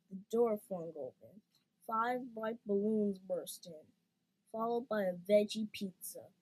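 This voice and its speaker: A woman reading a children's storybook aloud in an expressive, playful way. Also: mid-range voice, poor audio.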